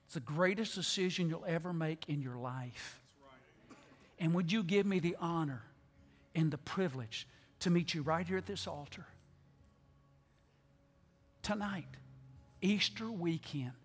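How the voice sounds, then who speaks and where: A man preaching an altar call to a large church, pleading, repeating words, and swinging from loud appeals to hushed tones. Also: on the high side, a little slow, pauses often, husky. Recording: long church hall reverb.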